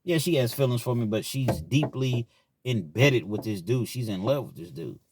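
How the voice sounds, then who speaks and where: A man's voice: mid-range voice, lively intonation, moderate pace, noisy background. A man telling a personal story in casual, slangy talk as a vlog host. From Kentucky, US.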